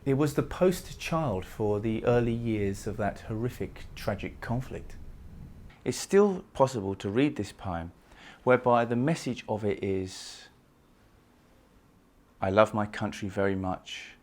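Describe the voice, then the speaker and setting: A man giving a recorded poetry lecture who reads verse aloud and talks with lively emphasis, pushing key words up in pitch and volume. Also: unhurried. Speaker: literature lecturer.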